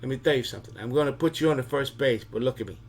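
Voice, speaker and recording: A man's voice: mid-range voice, very fast, husky. A man doing a bossy mob-boss godfather. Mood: threatening. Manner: commanding, repeats orders, threatens.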